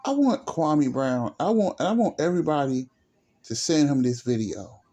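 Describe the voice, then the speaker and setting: A man's voice: on the high side, expressive, normal speed, mellow, highs cut off. A YouTuber man delivering a blunt, profane rant straight to camera, repeating his points as he lectures.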